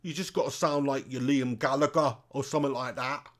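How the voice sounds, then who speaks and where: A man's voice: medium pitch, steady tone, fairly quick, fairly bright tone. Brief: man, live football stream host, casual jokey banter and running commentary. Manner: jokey banter, laughs often, reads chat aloud.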